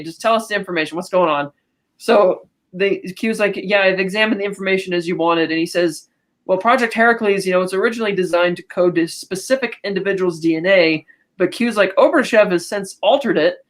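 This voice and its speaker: Chatty woman recapping a film. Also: medium pitch. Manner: chatty, quotes characters in quick asides. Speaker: podcast co-host.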